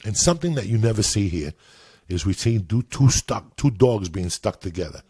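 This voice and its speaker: A man's voice: fairly low pitch, moderate pace. A man in his fifties, a comedian guest on a podcast, telling stories with lots of swearing and repetition for emphasis. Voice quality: gravelly, husky. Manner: animated, swears freely, repeats for emphasis. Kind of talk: profane storytelling in casual chat.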